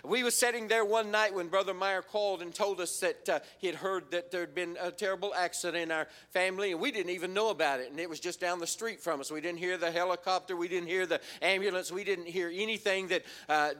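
A man's voice: high voice, steady tone, quick pace, hardly any pauses, fairly bright tone. An older man preaching a heartfelt testimony, stumbling over repeated words and swelling into fervent cries. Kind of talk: sermon testimony.

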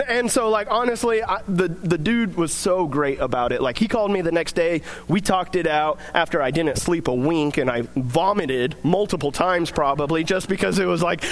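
A young man giving a casual devotional talk, telling stories in a chatty way with many fillers. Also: sits high. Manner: chatty, filler-heavy storytelling. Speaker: devotional speaker.

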